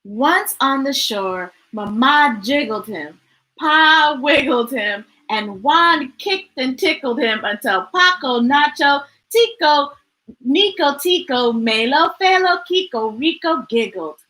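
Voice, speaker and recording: A woman reading a children's picture book aloud in an expressive, sing-song narration style. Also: high-pitched, takes it slowly, low-quality recording. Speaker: storytime reader. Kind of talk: children's story read-aloud.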